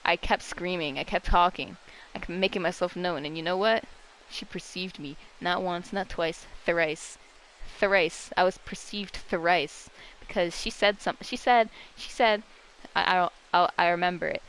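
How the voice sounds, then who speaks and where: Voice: fairly even intonation, moderate pace, few pauses, a bit bright, a little hiss or hum, rough recording. Rambling, dramatic storytime vlogger. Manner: rambling, dramatic, self-mocking, with sudden high-pitched shrieks. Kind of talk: casual storytime.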